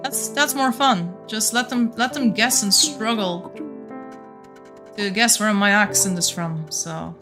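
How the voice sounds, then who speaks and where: A woman's voice: mid-range voice, slow pace, over music. Young Flemish woman streaming a game. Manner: chatty, thinks aloud, restarts sentences. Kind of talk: casual live-stream chat while playing.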